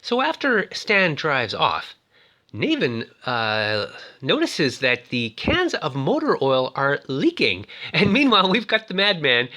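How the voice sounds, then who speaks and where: A man casually recaps a film's story with toys. He talks in a chatty way, full of fillers, and belts out the characters' lines as he goes. His voice is bright and very lively, with big swings in pitch. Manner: chatty, many "uh" fillers, shouts out quoted lines. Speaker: toy reviewer retelling a film.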